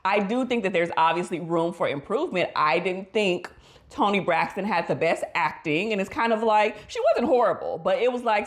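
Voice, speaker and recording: A woman therapist talks through a movie reaction in an easy, slangy way. Her voice sits in a middle register but leaps upward when she stresses a point. She sounds expressive and a little sassy. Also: moderate pace. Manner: pitch leaps up in emphasis. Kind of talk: casual movie reaction commentary.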